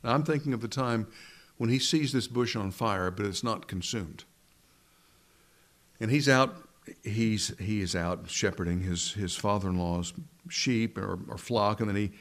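A man's voice: fairly low pitch, unhurried, pauses often. A man preaching a sermon in a conversational teaching manner, asking his listeners questions as he goes.

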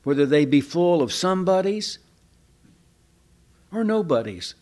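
A man's voice: fairly high pitch, big pitch swings, measured pace, darkish tone. Folksy man preaching a sermon. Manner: folksy, conversational preaching with rhetorical questions. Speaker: pastor.

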